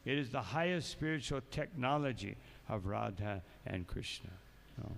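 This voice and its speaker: A man's voice: mid-range voice, lively intonation, normal speed, vocal fry, a little hiss or hum. A man giving a morning sermon as a monk, telling stories and breaking in with asides. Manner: storytelling, reads passages aloud then adds asides. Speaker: monk lecturer. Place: temple hall. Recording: long echoing hall.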